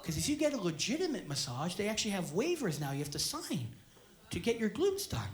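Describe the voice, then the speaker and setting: A man, a stand-up comedian telling a story loudly and profanely on stage. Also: sits high, wildly swooping pitch, brisk. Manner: loud, profane, often yelling. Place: theater stage before a live audience. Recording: live show with audience laughter.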